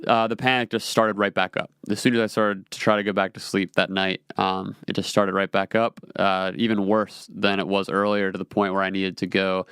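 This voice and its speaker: A man's voice: deep voice, flat delivery, a little fast, few pauses, a bit bright, clean tone, dry recording, clean studio sound. A man in his twenties, a podcast host, telling a personal story in a casual, rambling way with lots of fillers and restarts.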